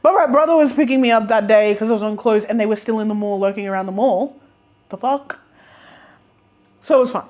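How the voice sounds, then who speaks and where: A young woman in her twenties telling stories in a chatty, animated, slangy way, with laughs and restarts. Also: a little high, a little fast, long pauses. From Australia. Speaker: vlogger. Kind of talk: casual storytime.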